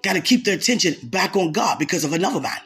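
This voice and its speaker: A woman preaching a fervent sermon, repeating phrases and bursting into shouts. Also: on the low side, lively intonation, fast, breathy edge, faint music behind. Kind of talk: impassioned sermon.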